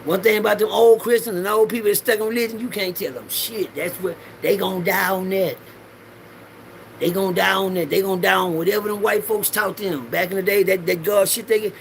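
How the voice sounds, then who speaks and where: A man's voice: sits high, steady tone, a little fast, gravelly, slight background noise. A middle-aged man rambling through a preachy personal monologue in loose slang, swearing freely and repeating lines for the audience to say back. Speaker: vlogger.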